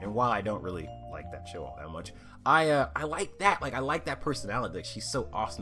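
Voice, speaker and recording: A man's voice: medium pitch, a bit bright. A young man casually reviewing a cartoon episode, rambling, swearing freely and laughing at his own jokes.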